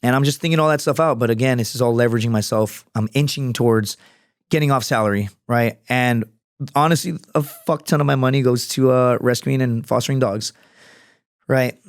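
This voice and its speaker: A man's voice: medium pitch, brisk, smooth, dry recording, clean studio sound. A man talking as a podcast guest, in a casual, profane, storytelling manner. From United States. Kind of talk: casual interview chat.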